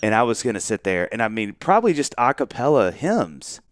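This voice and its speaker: A man co-hosting a podcast, telling a long story in an animated way, acting out the voices of the people in it and laughing often. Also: medium pitch, a little fast, dry recording. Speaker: podcast co-host. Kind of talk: casual storytelling chat.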